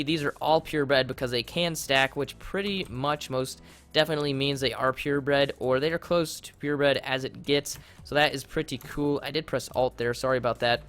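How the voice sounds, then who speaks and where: Young man streaming, fretful and rambling. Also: fairly high pitch. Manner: rambling, easily flustered, bursts into loud panicked yelling. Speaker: livestreamer playing a modded block game. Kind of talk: casual gaming livestream commentary.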